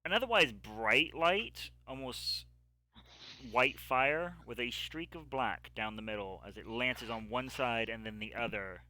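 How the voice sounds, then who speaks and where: A man running a tabletop game as game master, narrating combat in a halting way with many pauses and fillers. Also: mid-range voice, lively intonation, bright, forceful tone, no room sound. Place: home setup, streamed live.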